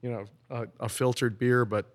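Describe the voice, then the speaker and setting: A man's voice: medium pitch, fairly even intonation, normal speed. A man who is a brewer, explaining his brewing process in casual podcast talk, often restarting and repeating words.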